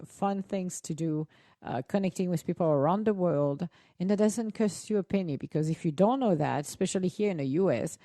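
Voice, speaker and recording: A woman with as her talks casually to her live-stream audience, rambling through restarts and breaking into laughs. Her voice sits low with a mellow, soft tone, and the recording is dry and close. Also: no room sound. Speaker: host.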